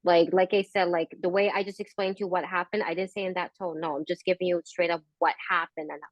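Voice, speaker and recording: A woman's voice: lowish voice, flat delivery, quick pace, no echo. A woman co-hosting a casual podcast chat, telling a story bluntly and swearing freely. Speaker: podcast co-host.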